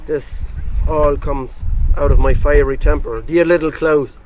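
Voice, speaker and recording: A man's voice: on the high side, fairly even intonation, unhurried, darkish tone, close to an everyday voice, low-quality recording. A man voicing a rich, hot-tempered innkeeper who pleads and frets, outdoors with wind on the mic. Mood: pleading. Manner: pleading, fretful.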